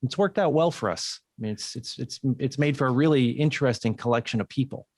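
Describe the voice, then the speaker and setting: A man's voice: mid-range voice, brisk, breathy edge, no room sound, clean studio sound. Man explaining speech sounds on a podcast. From United States. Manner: explanatory, restarts phrases often. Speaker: podcast guest, communication coach. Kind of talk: casual interview conversation.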